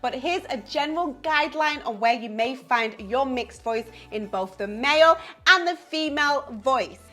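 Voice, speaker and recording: A woman's voice: high voice, expressive, normal speed, bright, forceful tone, soft background music. A woman vocal coach giving an upbeat singing lesson to camera, explaining with the odd "you know" and "um".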